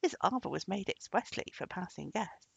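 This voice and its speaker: A woman's voice: fairly low pitch, animated, normal speed, gravelly, slightly rough, dry recording, exaggerated voice. A woman doing a bold young archer. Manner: calls out boldly to his servant. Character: brave young male archer, simple soldier. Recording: dull lo-fi recording.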